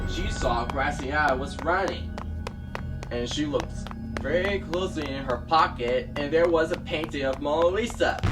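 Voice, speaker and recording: A storyteller narrating a homemade toy adventure in a slow, dramatic way with gasps. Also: mid-range voice. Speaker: storyteller with toys. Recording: noisy home recording with clicks.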